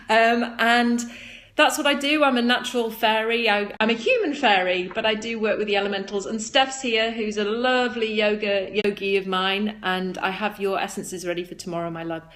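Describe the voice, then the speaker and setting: A woman's voice: fairly even intonation, normal speed, a bit bright. Bubbly woman livestreaming. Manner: bubbly, high-energy, giggly, rambling. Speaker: livestream host selling flower essences. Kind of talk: casual livestream chat, reading viewer comments aloud. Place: indoors at a table at home.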